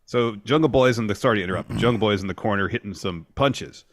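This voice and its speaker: A man co-hosting a casual wrestling podcast, recounting matches play by play in a steady way. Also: fairly low pitch, fast talker, dry recording, studio quality. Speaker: podcast co-host. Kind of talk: casual wrestling recap chat.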